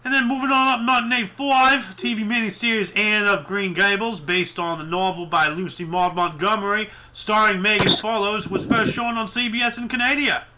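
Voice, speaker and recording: Bright-voiced jokey man reading history facts. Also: sits high, steady tone, fairly quick, hardly any pauses, slight background noise. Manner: jokey, reads out dates and events. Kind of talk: casual chat.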